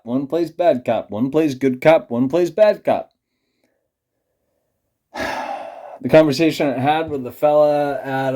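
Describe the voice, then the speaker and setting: A man's voice: mid-range voice, warm tone. A man ranting in a rambling, profane, conspiratorial monologue to camera, a little tipsy from beer. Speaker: vlogger.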